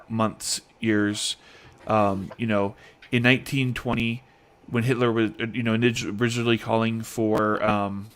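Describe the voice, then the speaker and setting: Earnest, halting man on a podcast panel. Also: on the low side, fairly bright tone, clean tone. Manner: earnest, halting, searching for words. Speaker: podcast co-host. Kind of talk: casual panel discussion.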